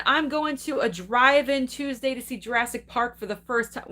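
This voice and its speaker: A woman's voice: fairly high pitch, normal speed, few pauses, bright, forceful tone. A young adult woman hosting a live movie stream, chatting casually and enthusiastically while reading and answering viewer comments, laughing often.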